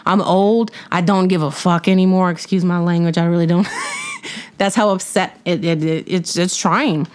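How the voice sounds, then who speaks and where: A woman's voice: fairly low pitch, wildly swooping pitch, moderate pace. A woman hosting a podcast, telling a casual, blunt story about difficult customers and swearing freely along the way. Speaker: podcast host.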